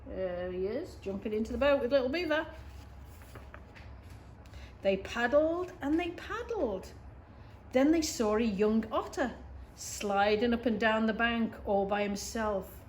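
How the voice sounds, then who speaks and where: Expressive middle-aged lady reading a picture book to kids, fairly high voice, gasps and little asides. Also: measured pace, long pauses, a little hiss or hum. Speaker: reader for schoolchildren. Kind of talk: picture-book read-aloud.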